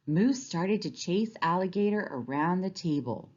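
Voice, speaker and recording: A woman teacher reading a children's storybook aloud with expressive, clear storytelling. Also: lowish voice, measured pace, hardly any pauses, lo-fi sound.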